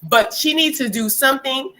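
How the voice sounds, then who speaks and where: A woman co-hosting a casual gossip chat, blunt and animated, often acting out quotes. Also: normal speed. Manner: animated, blunt, acts out quotes in high voices. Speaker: co-host.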